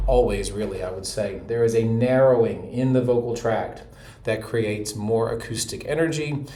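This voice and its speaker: A man from North Carolina who explains vocal technique in a calm, steady voice, hoarse from laryngitis. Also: lowish voice, slight background noise. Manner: explains calmly, with short vocal demos. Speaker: voice teacher. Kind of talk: explanatory voice lesson.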